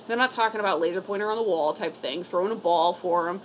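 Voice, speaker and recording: A woman's voice: on the low side, fast talker, slight background noise, poor audio. A woman from a cat rescue giving casual, blunt advice to camera, rambling and swearing freely.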